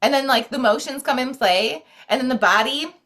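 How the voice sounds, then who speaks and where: At normal speed and in a high, slightly bright voice, a woman guesting on a podcast talks casually and earnestly about self-care and spirituality. She tends to ramble, with plenty of "like"s and restarts.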